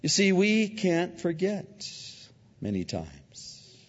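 Casting: male pastor mid-sermon, lively delivery, slightly husky, recorded with a long reverb in a church. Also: high-pitched, slow pace. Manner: animated, acts out voices in anecdotes. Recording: dull lo-fi audio with long hall reverb.

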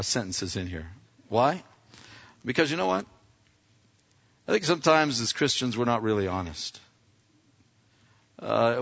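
A male pastor preaching a lively sermon, acting out scenes and firing questions at his congregation. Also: fairly low pitch, creaky. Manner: animated, acts out scenes, asks the audience questions. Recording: echoey hall, dull lo-fi sound.

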